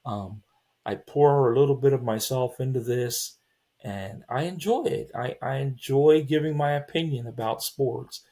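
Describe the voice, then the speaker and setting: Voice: medium pitch, measured pace, warm tone. A podcast host in a casual sports chat, rambling with many restarts, opinionated and exasperated. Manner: rambling, with frequent restarts and fillers.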